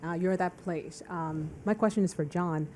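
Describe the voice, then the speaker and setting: A woman in the audience asking a question in a slow, hesitant, halting way. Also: lowish voice, warm tone, slight background noise.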